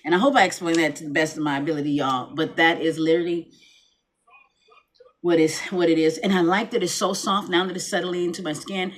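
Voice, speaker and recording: A woman's voice: fairly low pitch, fairly even intonation, brisk, a little hiss or hum. A chatty middle-aged woman vlogs from a dimly lit room at home. She rambles easily, circling back and restarting her thoughts as she talks. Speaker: vlogger. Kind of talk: casual chat to camera. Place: home room, lights dimmed.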